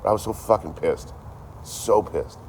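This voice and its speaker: A very deep-voiced man rants through a story, swearing freely and repeating his lines for emphasis. His delivery jumps between loud outbursts and low muttering. A faint hum of background noise sits under the voice. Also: unhurried, vocal fry. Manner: profane, animated storytelling with repetition. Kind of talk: casual ranting monologue.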